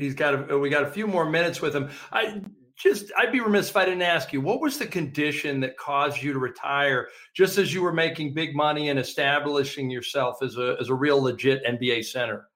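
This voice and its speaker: A man's voice: on the high side, normal speed, a bit bright. A man hosting a sports talk interview, eager and chatty, often restarting his questions.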